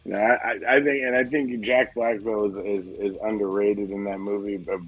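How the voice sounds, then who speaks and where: Husky man swearing through movie talk. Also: on the low side, fairly even intonation, moderate pace, phone-quality sound, faint music behind. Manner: profane, rambling, gropes for words. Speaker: podcast co-host. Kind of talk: casual chat.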